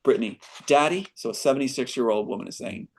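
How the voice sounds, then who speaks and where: A man's voice: mid-range voice, brisk. A screenwriter reading his screenplay aloud as a guest, breaking off with earnest asides.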